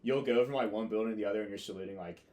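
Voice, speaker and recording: A man's voice: lowish voice, rapid-fire, a little mellow, a little hiss or hum. A young man in his twenties, a podcast guest, telling casual stories with lots of fillers and swearing. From United States. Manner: rambling, filler-heavy, swears freely. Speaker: podcast guest, Marine officer. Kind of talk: casual storytelling chat.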